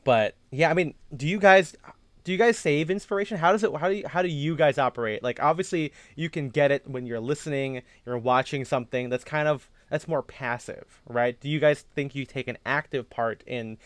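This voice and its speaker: A man co-hosting a podcast in casual chat, rambling and animated, joking and swearing. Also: on the high side, fairly quick, dry recording. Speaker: podcast co-host.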